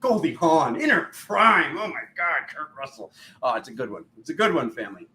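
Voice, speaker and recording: Brief: animated male livestream host, higher-pitched voice with big swings, faint background hiss. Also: fairly quick. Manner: animated, excitable, laughs often, greets viewers by name. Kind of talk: casual livestream chat.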